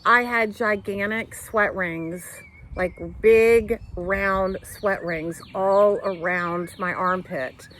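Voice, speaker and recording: A middle-aged woman hosts a knitting podcast from her couch, her mid-range voice very slow against slight background noise. She talks casually to camera, animated and using her hands, drifting through tangents and fillers.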